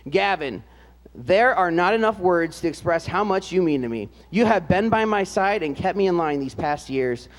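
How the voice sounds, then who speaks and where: A man announcing at a ceremony and reading aloud, in a relaxed, joking way with frequent hesitant "uh" fillers. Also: high voice, normal speed, long reverb tail. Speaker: announcer introducing band seniors.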